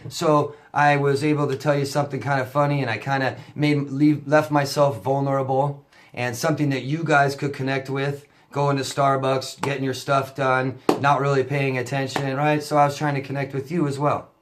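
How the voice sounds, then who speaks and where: A man's voice: medium pitch, flat delivery, normal speed. Chatty male coach telling a story. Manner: chatty storytelling with many fillers and restarts. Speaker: relationship coach. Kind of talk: casual talk to camera.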